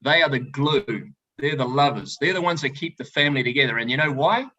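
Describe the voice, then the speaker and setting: A middle-aged man, a winemaker, telling animated, joking stories to a tasting audience over a video call. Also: medium pitch, a little fast, dull audio. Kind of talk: storytelling talk to a tasting audience. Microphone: video call presentation.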